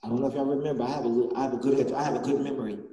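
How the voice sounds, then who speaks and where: A man preaching a fervent sermon as a guest bishop, repeating refrains and rising to shouts. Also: medium pitch, fairly even intonation, racing. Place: church sanctuary. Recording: echoey church, distant mic, faint noise.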